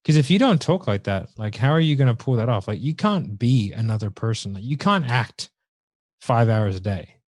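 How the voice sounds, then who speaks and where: A man's voice: medium pitch, animated, normal speed, darkish tone, dry recording, clean studio sound. A man who coaches salespeople, chatting casually on a podcast, blunt and profane. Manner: blunt and profane, acts out quotes.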